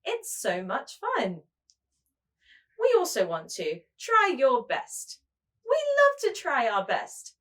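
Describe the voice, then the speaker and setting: A woman preschool teacher leading a show-and-tell lesson, speaking slowly and in a sing-song way to small children. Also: high-pitched, wildly swooping pitch, a bit bright.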